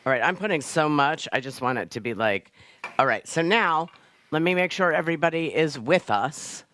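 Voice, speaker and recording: A woman hosting a live online cooking show from her kitchen over a video call, chatty, joking and excitable. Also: sits low, normal speed, a little hiss or hum.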